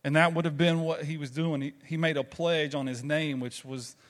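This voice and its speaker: A pastor with a Southern American drawl delivers a sermon in a relaxed, storytelling way. His voice sits a little high for a man, and he keeps asking the congregation rhetorical questions. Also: normal speed. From Southern United States.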